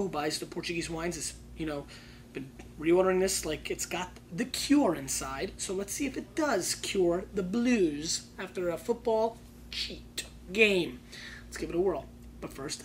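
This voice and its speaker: A man hosting a wine tasting show, reviewing bottles in a loud, excitable, slangy way that jumps between hushed asides and shouting bursts. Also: sits high, slight background noise.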